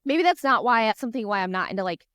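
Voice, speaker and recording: Female guest, chatty and earnest, higher voice, dry close sound. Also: animated, racing, fairly bright tone, no room sound. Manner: earnest, encouraging, chatty storytelling. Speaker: guest author. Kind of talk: casual podcast chat.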